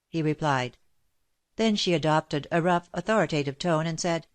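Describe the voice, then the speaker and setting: A woman narrating a classic novel as an audiobook in a steady, measured reading. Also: low voice. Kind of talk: scripted narration.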